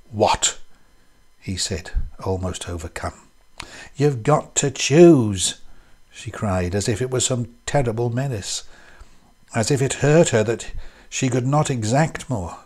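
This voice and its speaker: A man giving a measured, scripted narration of a classic short story. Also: lowish voice, darkish tone. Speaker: reader.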